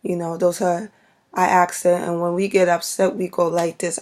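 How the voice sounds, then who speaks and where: A woman with a Brooklyn New York accent, vlogging casually to camera in an unhurried, rambling way with many fillers. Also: fairly low pitch, level tone, darkish tone.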